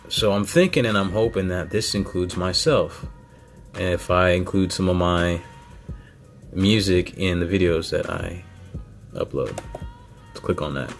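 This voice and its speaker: Deep-voiced guy vlogging, earnest, lots of ums, faint music behind. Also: unhurried, vocal fry, long pauses. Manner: earnest, hesitant with many fillers. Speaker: vlogger, beat maker. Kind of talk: casual vlog talk, thinking aloud.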